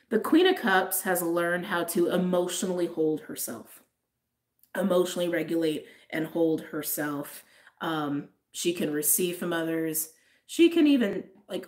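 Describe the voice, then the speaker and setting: A woman's voice: on the low side, darkish tone. A woman giving a casual, chatty tarot reading, talking straight to her viewers with frequent "like"s. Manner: chatty, lots of "like", frequent laughs. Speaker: tarot reader.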